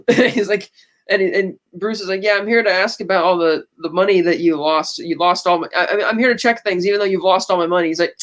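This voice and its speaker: High-voiced man recapping a movie. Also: fairly even intonation, fairly quick, a bit bright. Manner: retells scenes with quoted lines, many restarts. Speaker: podcast co-host. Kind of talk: casual movie recap chat.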